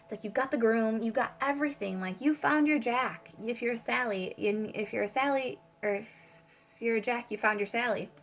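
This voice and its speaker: A woman's voice: fairly high pitch, moderate pace, faint music behind. Rambling woman giving a tarot reading. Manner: rambling, swears freely, many fillers. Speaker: tarot reader. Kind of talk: casual spiritual reading.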